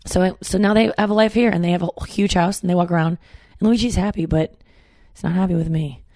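Casting: vlogger in their thirties, gravelly fry, dry close sound, loose and foul-mouthed. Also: mid-range voice, fairly even intonation, fast talker, warm tone, no room sound. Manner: rambling, profane, self-interrupting. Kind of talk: casual solo chat.

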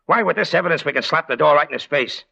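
A man's voice: a little high, quick pace, creaky, pushed and bright, slightly rough, heavily acted. A man playing a brash, needling inspector in a 1940s radio drama. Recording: dull 1940s radio broadcast.

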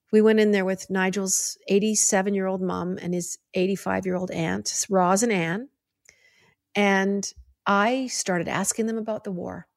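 A middle-aged woman hosting a podcast in a chatty, animated way, giving heartfelt advice. Her voice sits in a middle pitch and sounds dry and close, with no room sound. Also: vocal fry, no echo. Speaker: podcast host. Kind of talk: casual chat.

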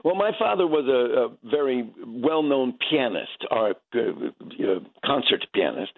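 A man's voice: medium pitch, big pitch swings, measured pace. A man in his seventies, a stage actor, talking reflectively in an interview and often restarting his sentences. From United States. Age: 70s. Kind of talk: interview over the phone. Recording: tinny phone line.

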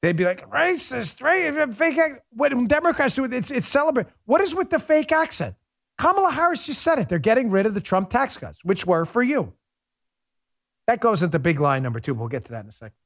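A middle-aged man hosting a political talk show, delivering a casual, sarcastic commentary monologue with lots of quick asides. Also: sits high, no room sound, clean studio sound. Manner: animated, sarcastic, rapid asides.

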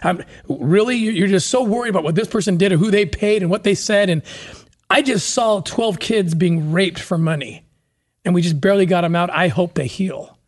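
A man's voice: high voice, moderate pace. A man speaking as a podcast guest, telling a story in an earnest, passionate way with frequent restarts. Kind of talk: conversational interview storytelling.

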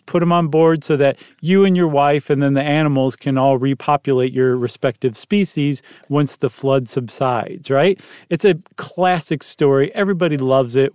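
A man's voice: a little high, darkish tone, clear, resonant tone, dry recording, studio quality. A man co-hosting a podcast, chatting casually in a joking, rambling way. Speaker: podcast co-host. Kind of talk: casual chat.

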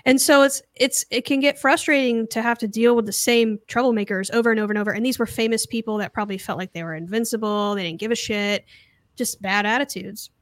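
Measured woman co-host, fairly high voice. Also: fairly even intonation, no echo. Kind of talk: casual chat.

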